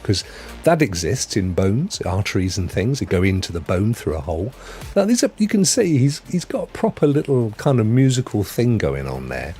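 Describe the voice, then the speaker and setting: A man's voice: lowish voice, a little mellow. A man hosting a gaming news live stream, chatty and jokey, laughing often. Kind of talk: casual live-stream chat.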